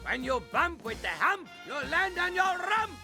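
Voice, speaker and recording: An actor playing a frustrated hunchbacked monster chef with a French accent, in a film clip over music. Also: male voice, sing-song, unhurried, gravelly, heavily acted. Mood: gleeful, bossy. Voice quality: shrill and exaggerated.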